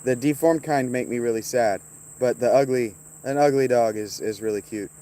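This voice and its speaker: Outdoors on a casual livestream, a streamer rambles, swears, and teases viewers by name as he reads the chat. His voice is medium in pitch, smooth, and dark in tone, at a normal speed.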